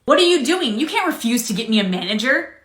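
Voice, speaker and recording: A woman's voice: fairly high pitch, big pitch swings, quick pace, a bit bright. A woman playing an entitled, condescending customer in a comedy skit, demanding and indignant. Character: entitled rude middle-aged woman customer. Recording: roomy echo.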